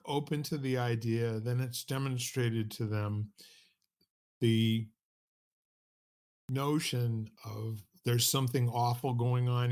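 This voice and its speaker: Guy cohosting a podcast, rambly storyteller, normal middle voice. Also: medium pitch. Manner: rambling, with many restarts and "you know" asides. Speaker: podcast co-host. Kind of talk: casual conversational storytelling.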